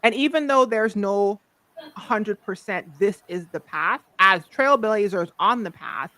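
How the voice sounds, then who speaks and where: A woman's voice: mid-range voice, unhurried, sharp tone. A playful woman from the Virgin Islands hosting a casual chat as a life coach. She jokes, laughs often and talks loosely to her viewers.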